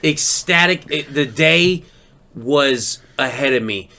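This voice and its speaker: Bright-voiced tipsy man telling stories. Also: mid-range voice, animated, slow pace. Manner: loose, profane storytelling with acted-out quotes. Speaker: podcast co-host. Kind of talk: casual drunk podcast chat.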